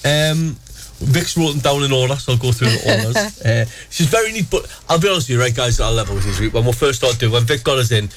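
A man, hosting a local radio show and telling funny stories in animated casual chat. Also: mid-range voice, quick pace, slight background noise. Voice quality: chatty, animated storyteller. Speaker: radio host.

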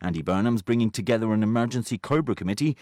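A man reading a local radio news bulletin in a brisk, formal delivery. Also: fairly low pitch, a little mellow, no room sound, studio quality. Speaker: newsreader.

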